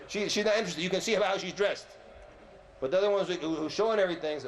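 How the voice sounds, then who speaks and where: A man giving a lively lecture sermon as a visiting sheikh, talking loudly into a close microphone, firing questions at the crowd and teasing them. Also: high-pitched, fast, slight background noise. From USA. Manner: animated, asks the crowd questions and teases them; loud voice, by his own account. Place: large multi-floor community centre hall.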